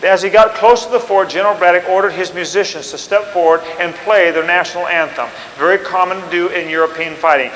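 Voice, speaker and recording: A male storyteller recounts history with lively energy and acts out the scenes as he goes. His voice sits high, and a long reverb with faint noise surrounds it. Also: fast, few pauses. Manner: animated, acts out scenes and commands.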